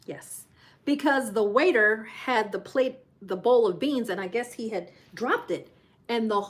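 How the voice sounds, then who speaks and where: Animated woman telling a cruise story. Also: on the high side, unhurried. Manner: animated storyteller who acts out quoted voices. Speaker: cruise channel host. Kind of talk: casual storytelling to a live audience.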